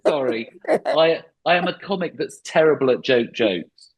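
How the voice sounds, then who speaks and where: A middle-aged comedian, appearing as a guest in a podcast interview, rambles animatedly and pokes fun at himself. His slightly husky voice swings widely in pitch, and he speaks a little slowly over poor audio.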